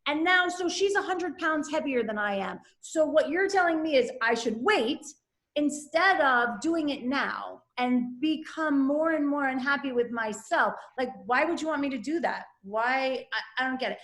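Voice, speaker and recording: A middle-aged woman telling a candid personal story with animated energy, acting out the voices of people she quotes. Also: high-pitched, normal speed, roomy sound.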